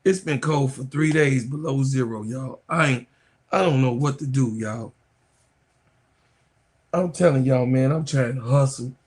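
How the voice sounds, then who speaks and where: A man hosting a sports live stream in casual chat, loudly trash-talking and teasing his viewers, congested and coughing with a cold. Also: medium pitch, a little slow, long pauses, husky. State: stuffed nose, coughing from a cold.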